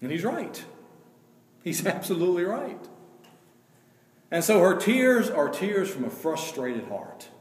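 A male pastor preaching a sermon. He swings between hushed, slow passages and loud, emphatic rises, and he reads scripture slowly and deliberately. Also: mid-range voice. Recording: echoey hall with long reverb.

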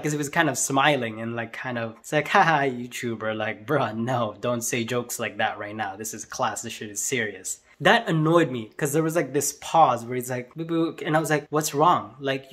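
A young man, an assistant language teacher, telling a story in a casual vlog in an animated, exasperated way. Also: mid-range voice. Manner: animated, exasperated ranting with frequent "like" and "bro".

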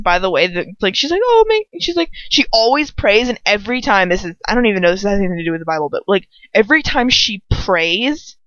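A woman's voice: medium pitch, a bit bright, no room sound, dull audio. A young woman chatting in a rambling aside during a story reading. She giggles, swears freely and trails off to restart her thoughts. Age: young adult. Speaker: fanfiction reader.

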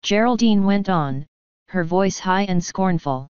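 Woman audiobook narrator, calm even storytelling, dry close sound, dull recording. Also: mid-range voice, measured pace, clear, resonant tone, no room sound. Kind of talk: scripted narration.

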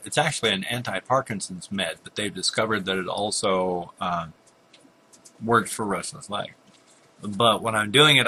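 A man's voice: lowish voice, pushed and bright, a little hiss or hum. An older man casually talking through a computer game, muttering at monsters and apologizing for his yawns. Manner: chatty, muttering at enemies, frequent yawns and apologies. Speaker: gameplay commentator.

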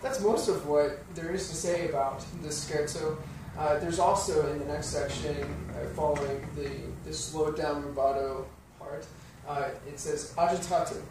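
A man teaching a piano lesson, explaining rhythm calmly and counting beats aloud. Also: a little high, normal speed, few pauses, slight background noise. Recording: very echoey room, slightly distant mic, piano playing.

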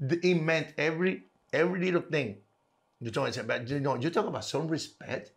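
A man's voice: on the high side, creaky. A man, telling stories in loose broken English in a casual chat at home. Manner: broken-English storytelling, quick asides. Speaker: show host, former baseball manager. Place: home room.

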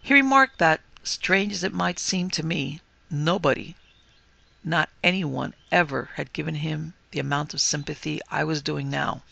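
A man narrates a classic ghost story with heavy gravel in his voice. His tone is bright and forceful, and his pitch sits a little high. The sound is dry and close, and the delivery is measured and firm. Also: steady tone, no room sound. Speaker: podcast host and reader.

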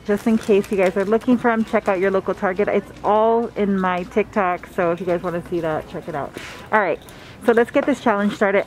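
A woman hosting a casual vlog in a large store, talking chattily to viewers with frequent giggles, on a handheld phone camera. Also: mid-range voice. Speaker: vlog host. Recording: noisy store ambience.

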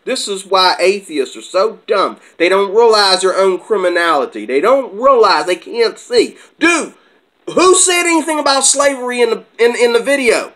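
A man with a fairly high voice rants to his viewers in a heated, combative way. He jumps between points, circles back, and presses each claim. At times he slows down and drops quieter. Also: lively intonation, low-quality recording. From America. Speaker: channel host. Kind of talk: heated vlog rant.

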